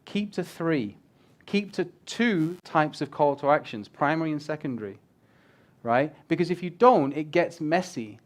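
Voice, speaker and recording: Animated man giving a casual talk. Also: fairly high pitch, moderate pace. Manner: animated, swears casually, jokes with the crowd. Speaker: guest speaker on user experience design. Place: event room with a live audience.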